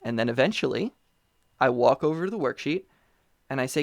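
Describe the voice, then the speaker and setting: Animated, rambling casual talker. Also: mid-range voice, a little fast, no room sound, studio quality. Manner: animated storyteller, frequent fillers and restarts. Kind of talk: casual conversational chat. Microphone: remote call mic.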